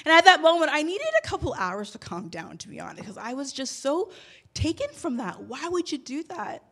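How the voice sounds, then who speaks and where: A woman's voice: high voice, big pitch swings, a little fast, fairly bright tone. A woman in her thirties preaching a sermon, telling a personal story with bursts of emotion. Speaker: pastor.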